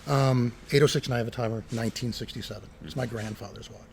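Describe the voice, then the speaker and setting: A middle-aged man, a retired air traffic controller and pilot, telling lively stories as an interview guest and acting out what people said, recorded in an old airport building by a runway. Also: medium pitch, quick pace, vocal fry. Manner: animated, acts out quoted dialogue. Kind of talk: casual interview storytelling. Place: former airport terminal building near a runway.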